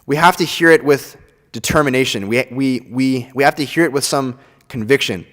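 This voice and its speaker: A young man giving an earnest scripture class. He often ends his points with "right?" and acts out other people's words with sudden jumps in pitch. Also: normal speed, fairly bright tone. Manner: acts out quoted voices with big pitch swings. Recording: long reverb from a large hall.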